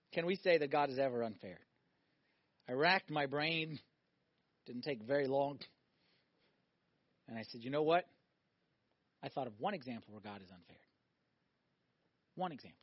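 High-voiced animated male preacher. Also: no echo, muffled recording. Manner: animated, swings between loud emphatic and quiet reflective delivery. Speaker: pastor. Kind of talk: sermon.

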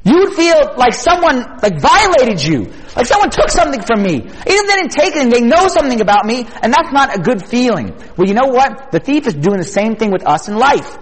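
A man giving an energetic youth sermon at a retreat, talking casually and often asking his listeners questions. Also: very high voice, fairly quick, hardly any pauses, husky, big-room sound, low-quality recording. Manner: energetic, conversational, asks the audience questions.

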